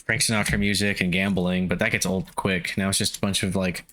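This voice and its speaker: A man's voice: low voice, steady tone, moderate pace, hardly any pauses, a bit bright. A young man streaming a game, chatting casually with viewers, laid-back, swearing and laughing often. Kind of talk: casual gameplay chat with viewers.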